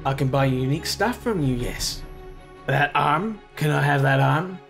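A man hosts his own gameplay video with sarcastic commentary. He sounds mock-exasperated, and his voice sits slightly high. Soft background music runs underneath. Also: expressive, unhurried, creaky. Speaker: gaming video host. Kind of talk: game commentary.

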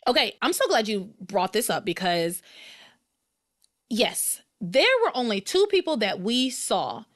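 A woman's voice: medium pitch, measured pace. A woman hosting a podcast, recapping and ranting in casual chat with lots of restarts. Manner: animated, exasperated, rambling with restarts. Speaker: podcast host.

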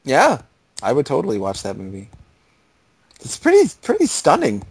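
A man's voice: mid-range voice, huge pitch swings, moderate pace, slightly rough, dry recording. A man co-hosting a podcast, casually chatting and asking amused follow-up questions. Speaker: podcast co-host. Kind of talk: casual chat.

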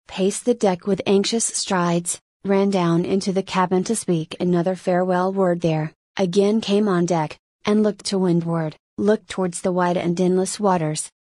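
A woman narrating a classic novel as an audiobook, reading slowly and steadily with long pauses. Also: medium pitch, darkish tone, dry recording, studio quality.

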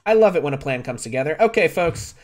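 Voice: mid-range voice, expressive, fast, a little mellow. A game master running a streamed tabletop game, upbeat and chatty, tossing in little sound effects. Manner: playful, makes sound effects.

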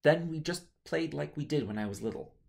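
A man reading his own novel aloud, voicing a defiant young princess with a fiery temper and sharp retorts. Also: low-pitched, lively intonation, fairly quick, creaky, pitched above the performer's own voice. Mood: earnest. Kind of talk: audiobook narration.

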